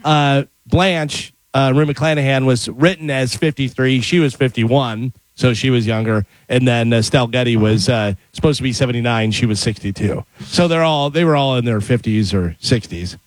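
A man in a casual chat, reading out facts with hesitant pauses and "uh"s. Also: mid-range voice, no echo, low-quality recording. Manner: reads out facts with hesitant uhs.

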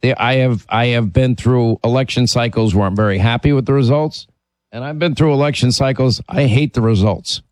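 A man's voice: medium pitch, fairly quick, darkish tone, no room sound. A man hosting a call-in talk radio show, talking emphatically and opinionatedly, sometimes restarting his sentences.

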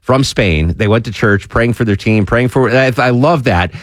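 A man's voice: mid-range voice, normal speed, dry recording, studio quality. A man hosting a radio talk show, chatting casually and joking, slipping into voices of imagined fans. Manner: jokey, animated, puts on voices of fans.

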